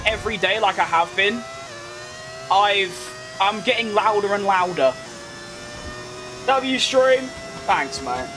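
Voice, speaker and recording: A young gaming streamer from London, his London accent tinged with posh, speaks in a high, bright voice with a forceful tone. He chats through live racing game commentary, answering chat with rambling asides.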